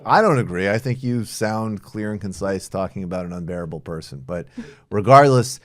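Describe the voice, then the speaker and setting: A male podcast host in casual political chat, animated and swearing freely as he jokes. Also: on the low side, moderate pace, dry recording, studio quality.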